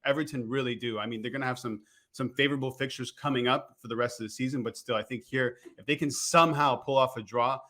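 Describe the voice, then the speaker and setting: A man's voice: medium pitch, steady tone, fast talker, hardly any pauses, bright, forceful tone. A man appearing as a guest betting analyst, giving his picks in an easygoing, casual way. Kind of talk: casual sports betting chat.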